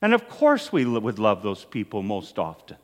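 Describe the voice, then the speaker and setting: A man's voice: on the low side, huge pitch swings, normal speed, in a large hall. A man preaching a sermon as a priest, earnest and emphatic, his voice rising and falling as he makes each point. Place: church.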